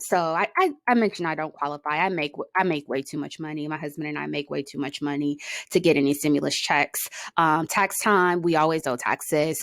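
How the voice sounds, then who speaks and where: A woman's voice: deep voice, dry recording. A woman giving casual commentary on a news story, emotional and outspoken, swearing freely. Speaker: commentary vlogger.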